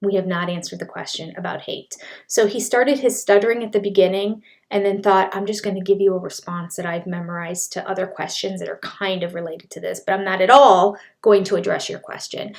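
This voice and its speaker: Older woman commenting, exasperated. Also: mid-range voice. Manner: exasperated, animated, reads quotes aloud. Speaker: reaction channel host; speech language pathologist. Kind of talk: casual commentary on a reality show.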